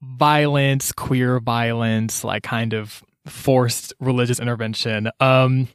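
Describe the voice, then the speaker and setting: A man's voice: mid-range voice, steady tone, takes it slowly, clear, resonant tone, no room sound, studio quality. Chatty man retelling a story with "girl" asides. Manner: rambling, full of "like" and playful "girl" retellings. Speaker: podcast co-host discussing a novel. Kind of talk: casual book-discussion chat.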